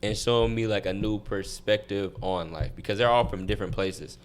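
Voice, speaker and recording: Deep-voiced young man telling stories. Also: fairly quick, clear, resonant tone. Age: young adult. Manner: relaxed, rambling storytelling with many restarts. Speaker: guest athlete. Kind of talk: casual interview chat.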